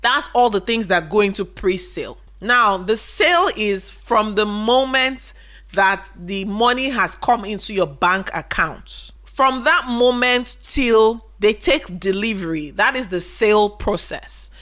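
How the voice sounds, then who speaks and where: A woman's voice: medium pitch, expressive, unhurried, a bit bright. A woman, giving a casual business lesson and explaining through rhetorical questions. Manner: repeats key points for emphasis. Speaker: business educator. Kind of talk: casual instructional talk to camera.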